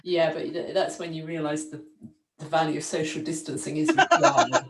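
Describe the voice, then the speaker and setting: A woman's voice: low-pitched, big pitch swings, normal speed. A woman hosting a casual interview, encouraging and laughing along with her guest. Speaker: host. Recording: roomy echo, distant from the mic.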